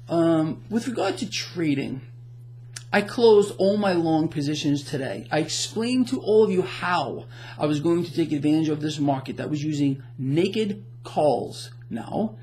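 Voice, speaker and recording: A man's voice: a little high, expressive, measured pace, a little mellow, slight background noise. A man hosting financial commentary, ranting to the camera with emphatic sarcasm and rhetorical questions.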